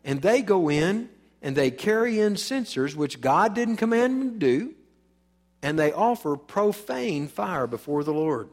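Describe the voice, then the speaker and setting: A man preaching a sermon in a church, dramatic and emphatic, acting out the voices he quotes and swinging from loud to soft. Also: high voice, sing-song, a little slow, big-room sound. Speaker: pastor. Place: church sanctuary.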